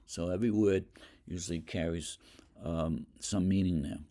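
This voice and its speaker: An older man giving an informal poetry lecture as a teacher, rambling with many fillers and clearing his throat. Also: sits low, fairly even intonation, moderate pace, warm tone.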